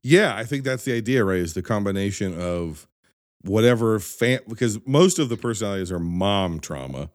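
A man's voice: on the low side, animated, normal speed, no room sound, studio quality. A man hosting a casual movie podcast, talking conversationally and leading the questions.

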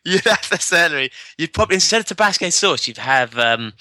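A man's voice: fairly high pitch, animated, a little fast, sharp tone, dry recording, studio quality. A man from southern England with a southern English accent, co-hosting a podcast in casual chat, joking and laughing often. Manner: laughs often, jokey, puts on silly voices. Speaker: podcast co-host.

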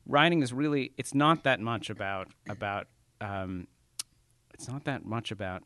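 A man being interviewed about his writing, talking casually, self-deprecating and halting with many restarts. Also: lowish voice, fairly bright tone, dry recording. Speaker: author guest.

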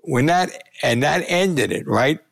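An older man, a sportswriter, telling lively anecdotes in an interview and acting out the quotes. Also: a little high, unhurried, creaky, no room sound, studio quality. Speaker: sportswriter and columnist. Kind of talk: storytelling in a conversational interview.

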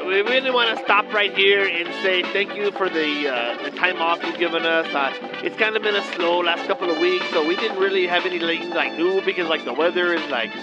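A man's voice: sits high, brisk, few pauses, close to an everyday voice. A man playing a laid-back weatherman, rambling with Spanish slang. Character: laid-back Mexican-American male weatherman. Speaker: weather segment presenter. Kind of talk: comic character bit. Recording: lo-fi with loud music underneath.

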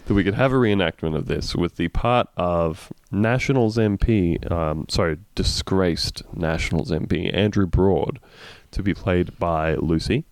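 A low-pitched man hosts a comedic news podcast. He reads articles aloud with wry asides and bursts of laughter. The recording is close and dry. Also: unhurried, hardly any pauses, no echo. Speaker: podcast host.

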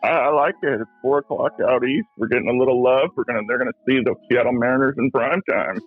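A man's voice: mid-range voice, fast talker, husky, narrow, tinny audio, faint music behind. A man co-hosting a podcast over the phone, answering in an easygoing way. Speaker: podcast co-host. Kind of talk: casual podcast chat.

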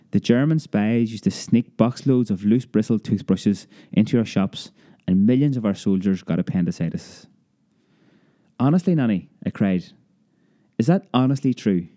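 A man reading a childhood memoir aloud as an audiobook, lively storytelling that raises his pitch for a child's cries. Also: moderate pace. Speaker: narrator.

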